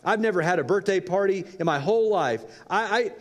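A man's voice: high-pitched, lively intonation, brisk, pitched above the performer's own voice. A man voicing a hurt, defensive woman about to turn thirty-nine, stammering and pleading as he retells a story in a sermon. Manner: stammering, self-pitying. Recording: long hall reverb.

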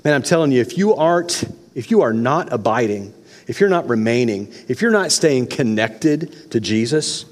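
Guy pastor giving a sermon, chatty and lively, middle voice, lots of echo from a big church room. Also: medium pitch, moderate pace. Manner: animated, folksy preaching with acted-out shouts. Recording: long reverb of a large hall.

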